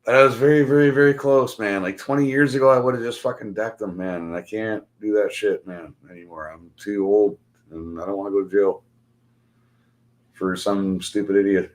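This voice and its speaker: A middle-aged man hosts a casual livestream and rants at his viewers. His voice sits fairly low, and he swears at almost every turn. He breaks into laughter as he tells his stories with big, animated energy. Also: normal speed. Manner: profane, animated storytelling with laughter. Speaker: livestream host.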